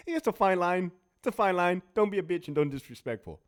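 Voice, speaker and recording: A blunt, profane man with a Californian accent tells stories from his years as a prison officer. His pitch swings widely as he mimics the people in his tales, and his voice sits a little above the usual for a man. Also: expressive, fairly quick. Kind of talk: profane storytelling monologue.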